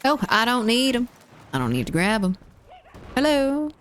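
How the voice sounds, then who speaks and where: A woman's voice: a little high, big pitch swings, fairly quick, a bit bright, a little hiss or hum. A woman streaming a game, chatting casually, giggling often as she reads chat messages aloud and answers them. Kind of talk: casual live-stream chat while gaming.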